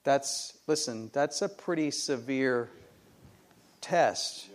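A man's voice: medium pitch, takes it slowly. A middle-aged man preaching a sermon, emphatic and full of rhetorical questions put to the congregation. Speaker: pastor.

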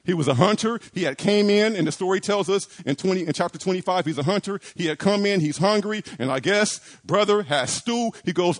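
A man's voice: high voice, a little fast, few pauses. A man preaching a sermon, asking rhetorical questions, repeating phrases and acting out quoted pleas.

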